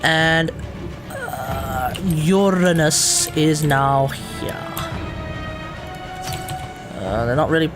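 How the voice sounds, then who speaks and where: A man's voice: on the high side, extremely slow, pauses often, over music. A man with an Australian accent giving rambling, chatty commentary while live-streaming a video game, often correcting himself.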